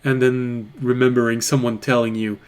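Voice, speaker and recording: A man narrating a tabletop game as game master, deliberate and quick to laugh. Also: mid-range voice, level tone, smooth.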